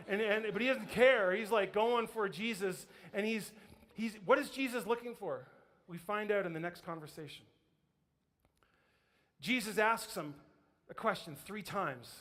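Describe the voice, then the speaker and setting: A high-voiced male pastor preaches and tells a story with lively energy. He acts out the voices of the people in the story and laughs often. His voice rings with the long reverb of a church hall. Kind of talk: sermon. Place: church sanctuary.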